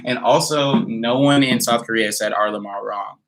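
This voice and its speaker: A man's voice: lowish voice, moderate pace, a bit bright. A man chatting casually on a home livestream, laid-back and slangy, reading out viewer comments. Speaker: musician streaming a live Q&A. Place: home, in Nashville.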